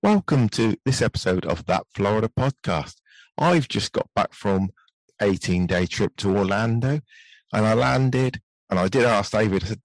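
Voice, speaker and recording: Gentle British man, low voice. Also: animated, moderate pace, dry recording, rough recording. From United Kingdom. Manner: gentle, soft-spoken podcasting voice. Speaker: podcast host. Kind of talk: casual podcast chat.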